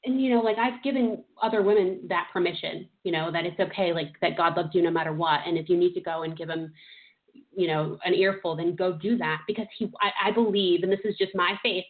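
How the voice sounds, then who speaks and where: A woman in her thirties, a podcast co-host, telling a personal story in an emotional, rambling way with many fillers and restarts. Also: fairly low pitch. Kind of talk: casual conversational storytelling. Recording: tinny phone-like audio.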